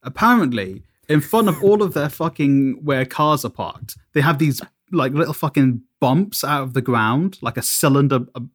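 A man's voice: medium pitch, lively intonation, moderate pace, few pauses, no room sound, clean studio sound. Sweary man telling a rambling story. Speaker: podcast co-host. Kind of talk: casual chat.

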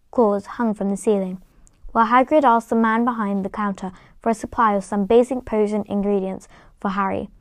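A woman's voice: a little high, no echo. A woman reading a novel aloud in plain storytelling, with occasional stumbles and restarts. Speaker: reader.

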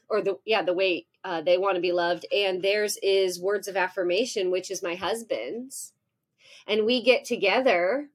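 A woman in her forties, a professor guest in an interview, telling a lively personal story and acting out her own thoughts. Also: mid-range voice. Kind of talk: conversational interview.

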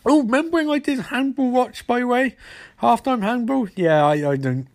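High-voiced man in a sarcastic recap. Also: lively intonation. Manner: rambling, sarcastic, quick asides. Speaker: show host recapping an episode. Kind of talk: casual recap chat.

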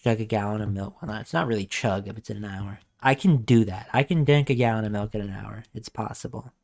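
A young man co-hosting a casual podcast, excitable and swearing, who jumps into high voices to act out cartoon lines. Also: fast talker, creaky. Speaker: podcast co-host. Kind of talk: casual chat.

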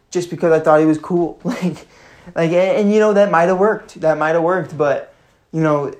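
A young man around twenty hosting his own sports podcast, rambling and ranting with many fillers and restarts. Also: a little high. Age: about 20. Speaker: podcast host. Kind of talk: solo sports podcast commentary.

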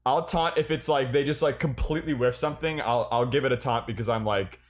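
A man's voice: mid-range voice, a little fast. Guy rambling about his fighting game matches, swears a lot, laughs at himself, regular mid voice. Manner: rambling, self-mocking, swears often. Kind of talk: casual gaming chat.

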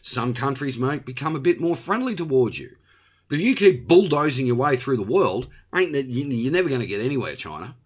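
Blunt Australian male host, opinionated monologue, very lively pitch. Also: fairly quick. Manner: blunt and ranting, with frequent tag questions.

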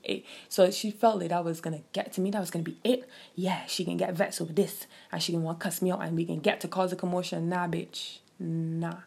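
A young woman, telling a personal story in a casual, animated and profane way. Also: lowish voice, gravelly, breathy edge. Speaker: vlogger.

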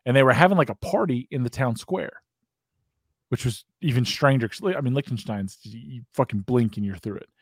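A man's voice: mid-range voice, fairly quick, husky, no echo, clean studio sound. A man with an American accent, hosting a podcast and telling a long, profane, rambling story in casual chat, often breaking into laughter. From United States. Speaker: podcast host.

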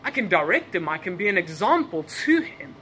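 His voice sits high and swings widely in pitch, with a pushed, bright quality and a brisk pace, and there's a bit of hiss or hum. He's a non-native English speaker preaching in church, repeating questions and laughing at his own digressions.

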